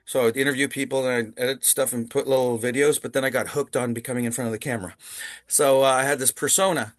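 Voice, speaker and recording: A man's voice: mid-range voice, quick pace, dry recording. Chatty man from Ontario, Canada. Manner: animated, laughs often, lots of fillers. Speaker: guest. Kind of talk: casual storytelling. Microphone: video call.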